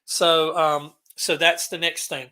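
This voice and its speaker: A man's voice: fairly high pitch, little pitch movement, takes it slowly, sharp tone. A man hosting a casual live stream, rambling and greeting viewers by name as he talks. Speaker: livestream host.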